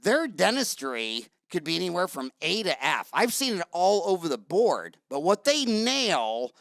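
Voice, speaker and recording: Middle-aged male podcast host, blunt and rambling, gravelly tone with a dry close sound. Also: high-pitched, big pitch swings, unhurried, a bit bright, no room sound. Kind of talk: casual interview talk.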